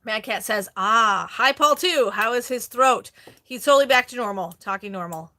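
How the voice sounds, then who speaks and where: A middle-aged woman hosting a casual live stream, chatty and quick to laugh as she reads viewer comments aloud. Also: a little high, bright, forceful tone. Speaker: host, online reseller.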